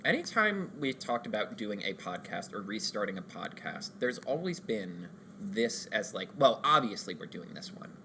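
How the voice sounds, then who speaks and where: A man's voice: fairly low pitch, sing-song, normal speed, few pauses, bright, forceful tone, a little hiss or hum. A man co-hosting a casual podcast, playful and jokey, chatting loosely with his co-host. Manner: playful, jokey, does silly character voices.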